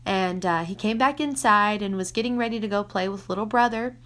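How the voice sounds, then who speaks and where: Woman in her thirties, earnest Christian mom talk, mid-pitched voice, soft whispered asides. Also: a little fast. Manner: earnest, drops to a whisper for emphasis. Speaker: mother sharing faith-based advice. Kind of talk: casual Christian teaching talk.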